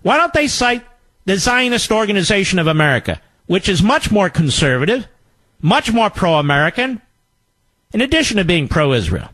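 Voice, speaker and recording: A man's voice: high-pitched, fairly bright tone, no room sound, poor audio. A middle-aged man hosting a talk radio show, delivering a combative, sarcastic political commentary monologue.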